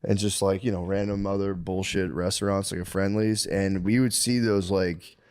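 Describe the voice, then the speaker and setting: Man, 30s, lowish voice, podcast co-host, rambling casual chat, lots of fillers. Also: steady tone, moderate pace, darkish tone, clear, resonant tone. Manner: rambling, filler-heavy storytelling.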